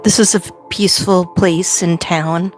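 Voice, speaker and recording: A woman's voice: fairly low pitch, fairly even intonation, moderate pace, a little mellow, faint music behind. A woman hosting a casual livestream from home, chatty and rambling, laughing often. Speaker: livestream host.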